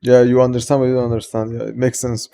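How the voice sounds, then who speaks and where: A man's voice: mid-range voice, monotone, quick pace, vocal fry, warm tone, clean tone. A man with a Persian accent, a native Farsi speaker, streaming live and casually greeting viewers by name, loose and joking with some swearing.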